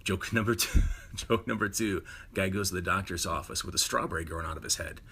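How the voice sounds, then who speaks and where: A man telling a string of short jokes, animated, jumping into higher voices for the punchlines. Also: brisk, creaky. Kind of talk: joke telling.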